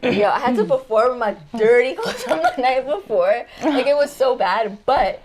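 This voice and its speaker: A woman's voice: fairly high pitch, animated, moderate pace, background noise. A woman guest musician in casual chat, telling stories with lots of fillers in a studio lounge. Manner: chatty storyteller, many fillers like "like" and "um".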